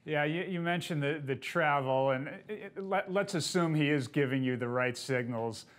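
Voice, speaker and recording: A man's voice: on the high side, moderate pace. A man hosting a show and interviewing a guest, asking earnest questions that start with small stumbles.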